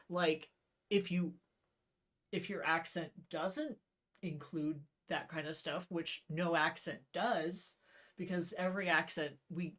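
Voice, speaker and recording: A young woman co-hosting a casual chat, explaining things in rambling, restart-filled stretches and laughing often. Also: lowish voice. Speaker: co-host.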